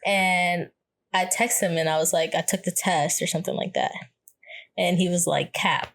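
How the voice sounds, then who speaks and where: Young woman co-host, chatty storyteller, quick to laugh, slangy and relaxed. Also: on the low side. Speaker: podcast co-host. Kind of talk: casual chat.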